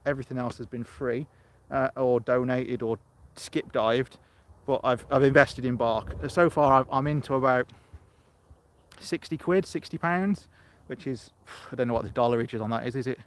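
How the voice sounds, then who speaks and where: A middle-aged man from England chatting rambly on a live stream from his allotment, talking into a phone camera outdoors and answering viewers as he goes. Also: mid-range voice. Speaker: allotment vlogger. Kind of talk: live-streamed casual chat.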